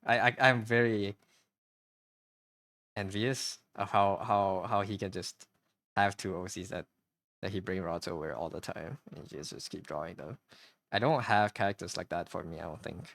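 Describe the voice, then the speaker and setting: Hesitant, rambling low-voiced man. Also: fairly bright tone, dry recording. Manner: hesitant and rambling, with frequent restarts and repeated words. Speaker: streamer and artist. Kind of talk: casual live-stream chat while drawing.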